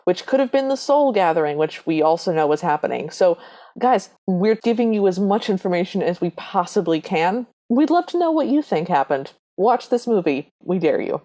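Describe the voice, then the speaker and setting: A woman's voice: lowish voice, lively intonation, moderate pace, dark tone. A woman co-hosting a podcast, speculating about the plot and recounting scenes in casual, chatty talk to listeners. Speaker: podcast co-host. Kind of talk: casual chat recapping a movie.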